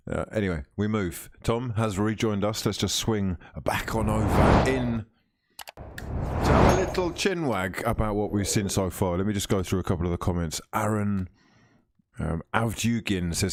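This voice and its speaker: A man's voice: on the low side, dry recording, studio quality. A man hosting a casual football watch-along livestream, reading viewer comments aloud and teasing the chat. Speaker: livestream host.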